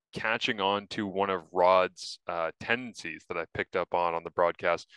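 A man hosting a casual football talk show, upbeat and chatty and quick to laugh. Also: low voice, pushed and bright, clean tone, no echo, rough recording. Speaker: podcast host and football analyst. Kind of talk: casual sports chat.

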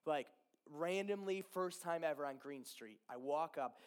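A man in his thirties, a pastor, telling an emotional personal story from the pulpit with lots of laughter and animated retelling. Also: a little high, moderate pace, clean tone. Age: 30s. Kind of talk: sermon storytelling.

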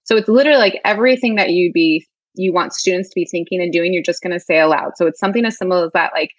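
Low-voiced woman, dull dry recording. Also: very fast, dry recording. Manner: chatty, many filler "like"s. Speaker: guest literacy educator. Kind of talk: casual conversational interview.

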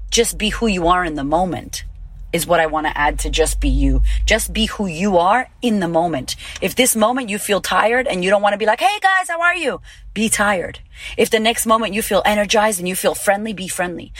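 A woman's voice: medium pitch, breathy edge, dry recording. A woman in her thirties hosting a podcast, giving a casual motivational talk in a blunt, emphatic way, swearing freely. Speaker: podcast host and confidence coach.

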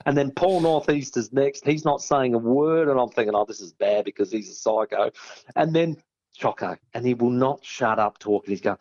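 A man's voice: mid-range voice, normal speed, darkish tone. An Australian man, a podcast guest, telling a story and acting out the voices of the people in it. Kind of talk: storytelling anecdote.

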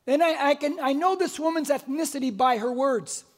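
A man in his sixties with a very high voice preaches to his church. He tells stories with a lot of life and acts out the people in them. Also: moderate pace. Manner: animated storytelling, acts out voices. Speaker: pastor. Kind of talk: sermon. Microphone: wearing a mic.

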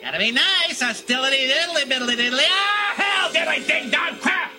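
A man putting on a chirpy, overly nice cartoon neighbor voice, singing his words and rising to a shout. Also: very high-pitched, expressive, moderate pace, over loud music, voice pushed up. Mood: sing-song. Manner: sing-song, rising to a shout.

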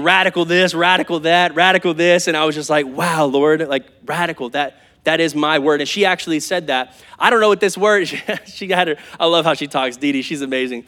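Man, pastor, thirties, high voice, lively conversational sermon, church congregation. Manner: animated, conversational preaching with crowd call-outs. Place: church hall before a live congregation.

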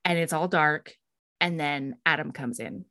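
A woman casually recapping a novel, swearing freely and saying "like" often, and quickly putting on voices for the characters. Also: low voice, no room sound, clean studio sound. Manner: animated storyteller, acts out characters' lines. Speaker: book discussion co-host.

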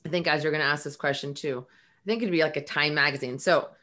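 A woman's voice: low voice, fast. A middle-aged woman, a guest, telling an emotional personal story and acting out the dialogue in it. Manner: animated, acts out quoted dialogue.

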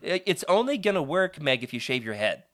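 A man's voice: a little high, very animated, fairly quick, a bit bright. A man hosting a live stream, chatting upbeat with viewers and reading a storybook aloud with frequent laughs. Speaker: host.

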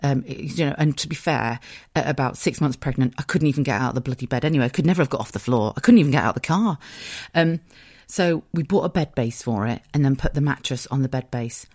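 A woman's voice: rumbling low, fast, a little mellow, no room sound, studio quality. A woman in her thirties with a British accent, hosting a podcast as a casual, rambling monologue and swearing freely. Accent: British English. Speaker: podcast host.

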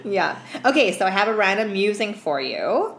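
A woman's voice: mid-range voice, normal speed, creaky. A young woman co-hosting a podcast, telling stories in casual chat, swearing freely and acting out other people's lines. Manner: animated storyteller, swears freely, acts out customers' lines. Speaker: podcast co-host. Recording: echoey room with faint background hum.

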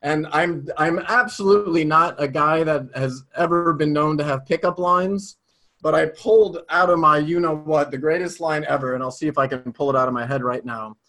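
A man as an interview guest telling a personal story in a casual, animated way. He swears freely. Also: on the high side, moderate pace.

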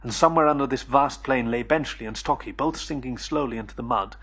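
Husky male audiobook narrator. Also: mid-range voice, fairly bright tone. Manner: measured, storytelling. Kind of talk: first-person audiobook narration.

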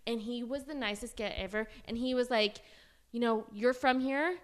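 A woman's voice: fairly high pitch, normal speed. A woman from Oklahoma, a film hairstylist, telling bubbly stories in casual chat. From Oklahoma, USA. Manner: bubbly, storytelling, quoting herself.

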